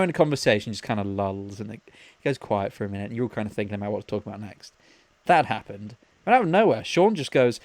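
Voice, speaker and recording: A man's voice: mid-range voice, no room sound. A man co-hosting a podcast, telling a story casually and acting out his friends' lines. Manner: animated storyteller, acts out friends' lines with laughs. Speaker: podcast co-host.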